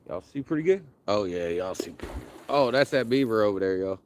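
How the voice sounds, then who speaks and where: A man's voice: on the low side, expressive, a little fast, a little mellow, slight background noise. A man casually chatting with viewers during a live fishing stream, talking in a laid-back, joking way, recorded outdoors on a riverbank at night on a phone.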